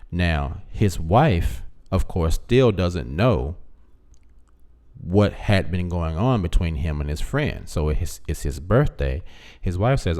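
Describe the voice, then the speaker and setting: A man casually recapping a plot, acting out the characters' lines in an animated way. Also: deep voice. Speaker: commentary vlogger.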